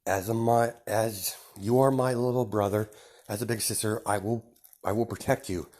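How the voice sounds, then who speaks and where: A man's voice: fairly low pitch, fairly even intonation, moderate pace, close to an everyday voice. A man voicing a fierce overprotective twin sister. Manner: threatening, quiet and intense.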